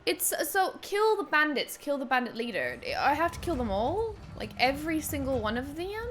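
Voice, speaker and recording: A woman streamer giving casual gameplay commentary, excitable and foul-mouthed, yelling at enemies on screen. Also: sits high, moderate pace. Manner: excitable, swears a lot, yells at enemies. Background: game music.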